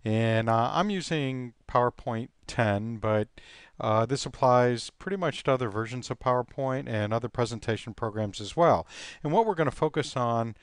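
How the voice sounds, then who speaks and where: A man teaching software on a screen recording, relaxed and thinking aloud with frequent ums and uhs. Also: mid-range voice, moderate pace, smooth, no echo, clean studio sound.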